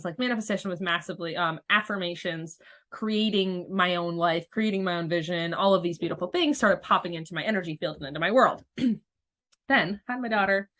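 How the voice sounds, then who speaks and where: A woman's voice: fairly low pitch, fairly bright tone. A woman in her thirties, a podcast host and spiritual coach, telling her story in a candid, rambling way with lots of swearing and restarts. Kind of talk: casual storytelling monologue.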